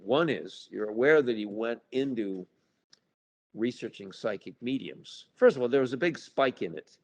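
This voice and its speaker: A man's voice: mid-range voice, animated, normal speed, darkish tone. A man, an author and paranormal researcher, talking casually in an interview, wry and storytelling, acting out little scenes. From United States. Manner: wry storytelling, acts out party chatter.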